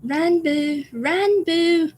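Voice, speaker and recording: A woman's voice: sits high, normal speed, warm tone, slight background noise, pitched above the performer's own voice, natural voice. A woman doing a frantic young man calling out. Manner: urgent, raised voice.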